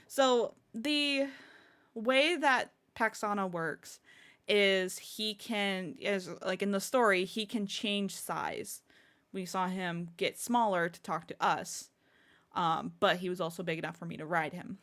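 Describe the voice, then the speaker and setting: A woman's voice: medium pitch, slow pace, a bit bright. A woman streamer chatting casually to her viewers, bubbly and rambling, often breaking into giggles. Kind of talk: casual live-stream chat.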